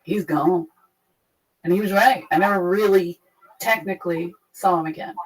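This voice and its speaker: A young adult woman frankly retelling a painful personal story, profane and animated. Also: on the low side, a little fast, low-quality recording. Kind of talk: candid conversational storytelling.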